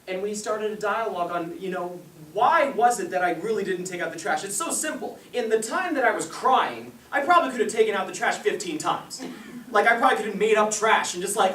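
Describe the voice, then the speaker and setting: In an echoey meeting room, captured by a distant mic with a faint hiss, a young man leads a parenting seminar before a live audience. His high voice is pushed and bright, with lively intonation and a slightly fast pace. He tells stories, laughs often, and acts out the people he quotes.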